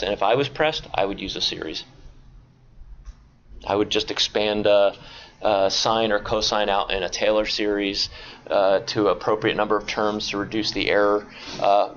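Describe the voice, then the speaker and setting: A man's voice: fairly low pitch, fairly bright tone. A male instructor giving a classroom lecture, explaining with frequent fillers and restarts. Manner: hesitant, filler-heavy explaining. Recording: dull lo-fi classroom recording.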